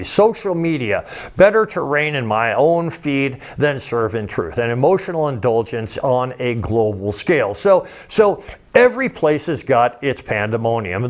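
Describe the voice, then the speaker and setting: Rambling man lecturing over slides. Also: medium pitch. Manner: rambling, digressive, with frequent restarts. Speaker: political commentator.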